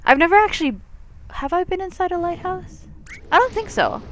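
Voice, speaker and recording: A young woman giving casual commentary while playing a game, chatty and jokey with sudden loud outbursts. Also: extremely high pitch, very animated, brisk. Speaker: let's play gamer.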